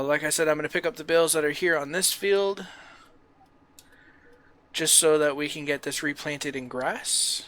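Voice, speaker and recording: A man's voice: fairly high pitch, slight background noise. A man streaming a farming game, chatting casually with friends on voice chat. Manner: upbeat and chatty, with loud showman greetings.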